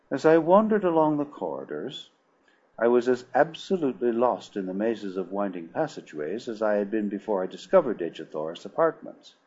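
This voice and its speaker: A man reads a first-person adventure story aloud, formal and steady. His voice sits at a middle pitch. The recording has a slightly dull, lo-fi sound. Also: husky. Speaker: audiobook narrator. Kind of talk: first-person audiobook narration.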